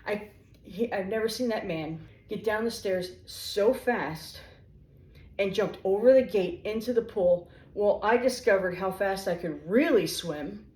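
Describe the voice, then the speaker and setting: A woman casually telling funny stories as a vlogger in her home kitchen, animated and chatty, talking while she eats. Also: mid-range voice, unhurried. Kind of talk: casual storytelling. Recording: echoey room.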